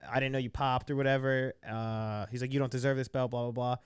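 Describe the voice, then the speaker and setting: Smooth-voiced man reading fight odds. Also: medium pitch, steady tone, fast talker, dry recording, clean studio sound. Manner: reads odds and viewer comments. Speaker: podcast co-host. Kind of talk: casual sports chat.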